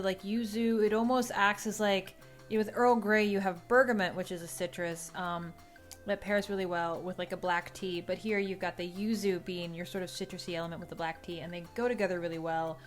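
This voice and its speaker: A woman hosting a cosplay and cocktail video, talking casually with a loose, chatty manner and plenty of fillers. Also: medium pitch.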